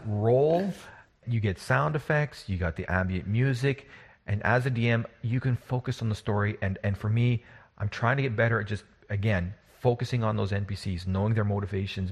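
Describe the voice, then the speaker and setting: A husky-voiced man chats casually as a podcast co-host. He rambles, restarts his sentences and laughs as he talks. His pitch sits a little low. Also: normal speed. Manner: rambling, restarts often, laughs while talking. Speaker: podcast co-host and game master. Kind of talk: casual chat.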